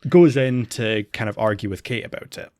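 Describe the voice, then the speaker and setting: A man's voice: on the low side, fairly quick, a little mellow, dry recording, clean studio sound. A man co-hosting a podcast, chatting casually and recapping plots with plenty of fillers. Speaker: podcast co-host. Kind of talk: casual chat.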